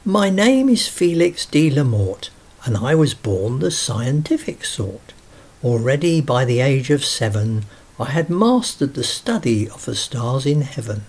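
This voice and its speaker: A man's voice: mid-range voice, very animated, unhurried, a little mellow, husky, exaggerated voice. A man voicing a sad, scholarly young ghost in a storybook reading, telling his woes tearfully. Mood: mournful.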